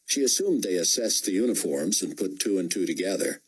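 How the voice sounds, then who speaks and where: A man narrating a novel as an audiobook, with measured storytelling. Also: sits low, animated, slightly rough, rough recording. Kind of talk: scripted narration.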